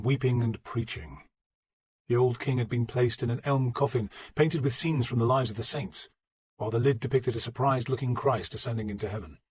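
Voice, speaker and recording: Male narrator, measured storytelling, husky tone, dry close recording. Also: mid-range voice, no room sound. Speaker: audiobook narrator. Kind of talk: scripted narration.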